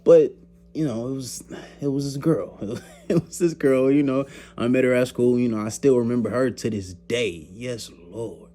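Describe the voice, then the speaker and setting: A man's voice: medium pitch, normal speed, slight background noise. A young man vlogging, telling a story in a loose, slangy way, laughing often and acting out the other people's lines. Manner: animated, slangy, laughs often, acts out quoted voices. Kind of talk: casual storytelling.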